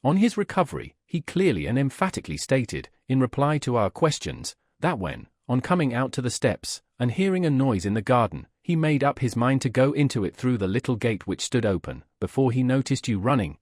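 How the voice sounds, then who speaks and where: A man's voice: mid-range voice, sing-song, darkish tone, dry recording, clean studio sound. A man reading a cold, composed prosecutor. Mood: frigid. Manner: measured, frigid and formal. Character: cold, composed male prosecutor, middle-aged official.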